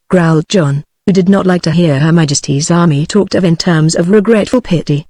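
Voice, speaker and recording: A woman's voice: lowish voice, a little fast, few pauses, no echo. Synthetic British woman reading a novel. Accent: British English. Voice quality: even synthetic delivery. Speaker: audiobook reader. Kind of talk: text-to-speech novel narration.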